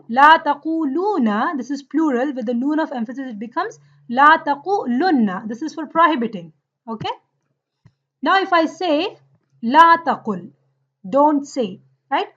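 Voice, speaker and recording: A woman's voice: sits high, fairly bright tone, dull audio. A woman teaching Arabic grammar in an online class, explaining patiently and often checking that her students follow.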